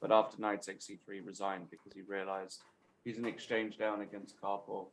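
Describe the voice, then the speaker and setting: A man's voice: lowish voice, little pitch movement, normal speed. A man coaching a chess tactics lesson, explaining step by step and often checking in with his student.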